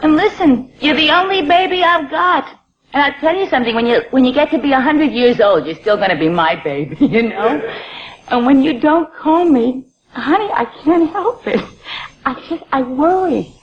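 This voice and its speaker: A woman's voice: sits high, animated, normal speed. A woman playing a middle-aged mother who dotes on her son, nags him and lays on the guilt in a comedy sketch. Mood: doting. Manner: wheedling and guilt-laying. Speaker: comedy performer. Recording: dull old comedy record with audience laughter.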